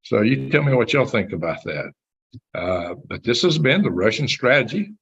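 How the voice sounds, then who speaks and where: Husky-voiced man streaming live. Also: mid-range voice, big pitch swings, moderate pace, fairly bright tone. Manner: rambling, reads chat aloud, chuckles at himself. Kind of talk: casual live-stream commentary. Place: home computer setup. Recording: dull lo-fi stream audio.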